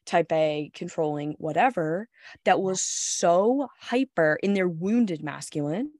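A woman's voice: fairly low pitch, slow, a little mellow, dry recording, studio quality. A woman hosting a podcast as a coach, talking frankly and casually, laughing often and swearing freely.

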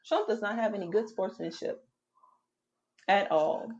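A young woman chatting casually with friends, laughing often and telling animated stories. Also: mid-range voice, measured pace. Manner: laughing, animated storytelling with mimicked voices. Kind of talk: casual group chat. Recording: dull lo-fi audio.

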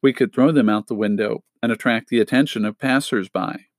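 A man's voice: medium pitch, a little fast, no room sound, studio quality, lightly acted. A man doing a resourceful, inventive girl. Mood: worried.

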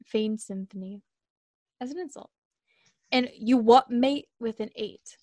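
A young woman co-hosting a casual podcast, reading slang definitions aloud in a dry deadpan way and joking between them. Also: a little high, a little slow, dry recording. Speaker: podcast co-host.

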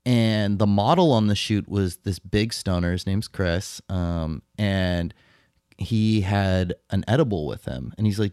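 A man co-hosting a podcast, telling a story in casual chat, animated, swearing and laughing as he goes. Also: deep voice, unhurried, clean tone, no echo, studio quality. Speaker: podcast co-host.

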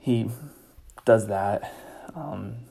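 A man's voice: lowish voice, very slow, gravelly, warm tone, slightly rough. A man casually recapping a movie, enthusiastic and rambling, with lots of fillers. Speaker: movie reviewer.

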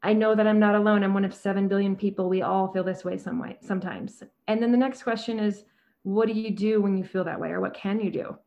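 A woman therapist in her forties talks steadily and earnestly about hard conversations. Her voice is mellow and warm. The sound is a little dull and lo-fi. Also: medium pitch, fast talker. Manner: calm, soft-spoken, quotes herself in dialogue. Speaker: therapist and guest.

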